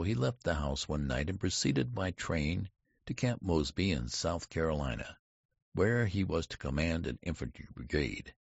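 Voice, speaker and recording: A man reading an audiobook with expressive, scripted narration. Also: extremely low pitch, gravelly, slightly rough, no echo. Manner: expressive storytelling. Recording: dry, slightly dull recording.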